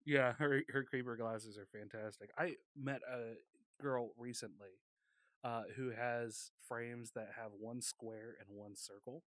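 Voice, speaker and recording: A man's voice: mid-range voice, unhurried, no echo. Laughing, jokey male podcast host. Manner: laughs often, animated and joking. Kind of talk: casual chat.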